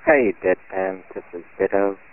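A man leaving a voicemail in a tired, low-key way before reading a passage from a book. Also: huge pitch swings, moderate pace, vocal fry, background noise. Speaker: caller. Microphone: phone voicemail. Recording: tinny phone line.

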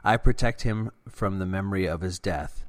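A man's voice: low-pitched, no echo, lightly acted. A man as a grave construct guardian. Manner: measured, grave, formal. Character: calm middle-aged male construct guardian, grave.

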